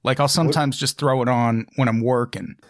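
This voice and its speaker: A man's voice: mid-range voice, fairly even intonation, fairly quick, dry recording, clean studio sound. Profane, joking podcast host man. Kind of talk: casual podcast chat.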